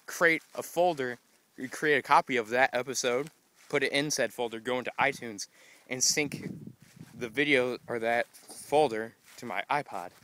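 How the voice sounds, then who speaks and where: A man's voice: mid-range voice, normal speed, fairly bright tone. A young man vlogging casually outdoors, rambling and exasperated, a bit out of breath after walking uphill. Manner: rambling, exasperated, acts out his own quotes.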